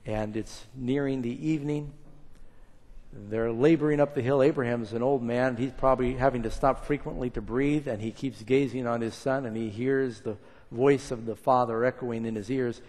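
A man preaching a sermon, retelling a story with dramatic swings between loud and hushed lines and acted quotes. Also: mid-range voice, expressive, normal speed. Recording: reverberant hall.

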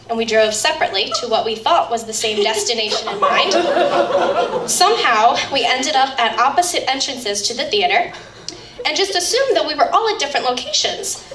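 A young woman with a fairly high voice gives a chatty, giggling wedding toast, emotional beneath the jokes. She sounds distant in an echoey reception hall with faint noise behind her. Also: a bit bright. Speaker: bridesmaid giving a toast.

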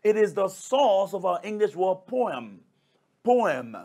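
A man's voice: sits high, lively intonation, measured pace, mellow. A male pastor preaching a sermon, emphatic and repetitive, addressing listeners as brothers and sisters. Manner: emphatic, repeats key phrases.

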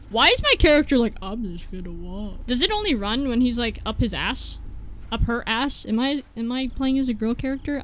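Young woman, gaming let's play, scared and swearing, chatty with viewers, animated voice, slightly high. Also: noisy background. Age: young adult. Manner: jumpy, swearing, laughing, talking to viewers. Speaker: gaming YouTuber. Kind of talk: horror game let's play commentary.

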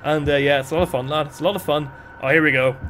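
A man with a Northern Irish accent, commentating live on his gameplay in an excitable, chatty way, calling out to his viewers. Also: a little high, racing, slight background noise. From Northern Ireland. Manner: excitable, chatty, calls viewers lads and chat. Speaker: game streamer. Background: music.

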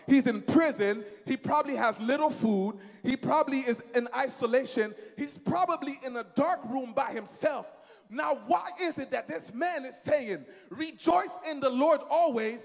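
A man's voice: very high voice, gravelly, big-room sound. A man preaching a sermon to a church congregation, emphatic and repetitive, leading the crowd in call-and-response.

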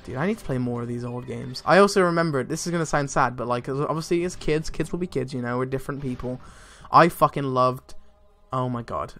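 Brief: young male let's-player, mid-pitched, hyped and profane, faint game music behind. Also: fairly quick, few pauses. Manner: excitable, swears a lot, laughs often. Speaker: let's play gamer. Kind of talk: casual gameplay commentary.

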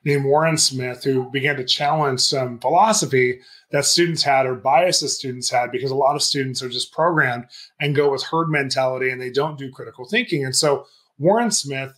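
A man's voice: mid-range voice, moderate pace, a bit bright. A man hosting his own show, casually commenting on clips in a chatty, enthusiastic way. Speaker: show host.

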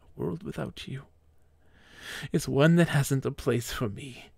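Grief-stricken aging husband, melodramatic and pleading, gravelly edge, dry close sound, as a man puts him on. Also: mid-range voice, measured pace, a little mellow, no room sound. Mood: grieving.

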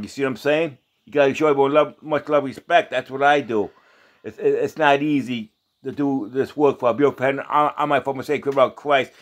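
A man reading scripture aloud as a lay preacher, halting and restarting often, then drifting into rambling, informal testimony. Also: mid-range voice. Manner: casual and rambling when talking off the text, often asks "you know?".

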